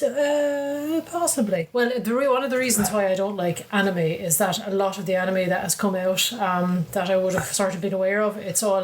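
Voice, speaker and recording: A woman's voice: mid-range voice, slight background noise. Frank Irish woman in casual chat. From Ireland. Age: middle-aged. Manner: frank, animated, mocks with put-on voices. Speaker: podcast co-host.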